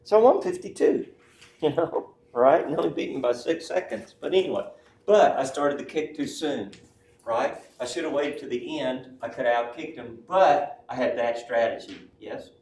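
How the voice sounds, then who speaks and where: A chatty male lecturer who keeps checking in with "right?" and "yes?" as he teaches. His voice sits at an ordinary middle pitch and is caught from across a roomy classroom, with a faint hum of room noise behind him. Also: normal speed, a little mellow, recorded from a distance. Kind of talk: classroom lecture with personal anecdotes.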